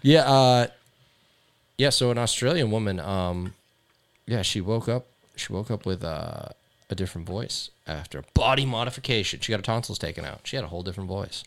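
A man's voice: lowish voice, animated, fairly quick. A man hosting a podcast in casual chat, talking loosely and rambling with many fillers. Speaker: podcast host.

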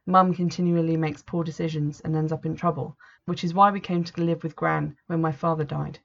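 Measured woman storyteller, low and gravelly, muffled recording. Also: fairly even intonation. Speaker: narrator. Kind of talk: first-person story reading. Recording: dull lo-fi recording.

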